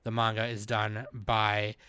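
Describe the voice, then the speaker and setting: A man hosting a podcast, recapping in a rambling, animated, casual way and swearing freely. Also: on the low side, measured pace, clear, resonant tone, dry recording. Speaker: podcast host. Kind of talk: casual chat.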